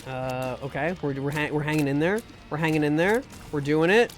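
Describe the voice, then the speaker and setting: Guy streaming from his room, kinda high voice, rambly jokey chat, little bit of game music behind. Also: a little fast. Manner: rambling and joking, with restarts and mock pleas. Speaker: streamer and VTuber. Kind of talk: casual live-stream chat while gaming. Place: home room.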